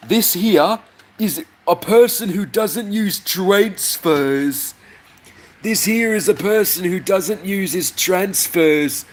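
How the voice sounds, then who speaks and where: Rambling, swearing young-sounding man. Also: high-pitched. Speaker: model railway streamer. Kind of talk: casual chat while working on a model.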